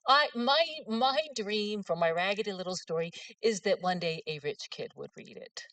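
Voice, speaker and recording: A woman's voice: mid-range voice, normal speed, a bit bright, dry recording, far from the mic. A middle-aged woman, telling humorous, self-mocking stories in an author's talk. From West Virginia. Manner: folksy, self-mocking storyteller.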